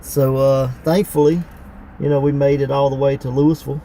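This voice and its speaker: A man's voice: mid-range voice, flat delivery, normal speed, dark tone, slight background noise, rough recording. A man with a Mississippi Southern accent, hosting a casual wrestling podcast from a parked car, easygoing and laughing often. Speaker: podcast host, wrestling promoter. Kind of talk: casual chat.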